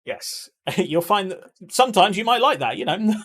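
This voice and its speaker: A man's voice: high-pitched, fairly bright tone, slightly rough. A young man chatting candidly and rambling on a live stream, swearing and laughing often. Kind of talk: casual chat.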